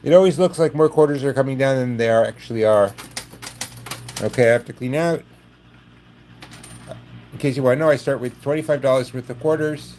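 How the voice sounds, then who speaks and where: A man's voice: medium pitch, fairly quick, pauses often, a little mellow, slight background noise. A man from Brooklyn with a New York accent, chatting with viewers during a live stream as he plays a coin pusher. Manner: chatty, rambling, answers viewers by name. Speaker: livestream host. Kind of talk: casual live chat while playing a coin pusher.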